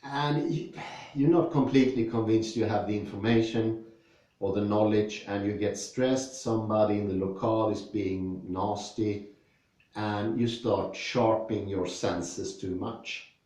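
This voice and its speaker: A Swedish man with a Swedish accent talks philosophy, reading passages aloud before explaining them slowly and thoughtfully with personal examples. His voice is on the low side, steady and mellow, and the distant recording is very echoey.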